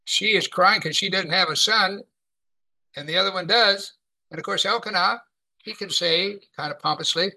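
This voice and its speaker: A man preaching a sermon, teaching from the Bible in a conversational, animated way. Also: high voice, brisk, creaky, low-quality recording.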